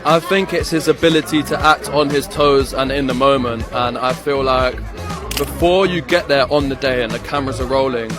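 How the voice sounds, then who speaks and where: A man's voice: medium pitch, moderate pace, music in the background. A man, an actor, answering interview questions eagerly and gushing about a director he admires. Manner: eager, fan-like.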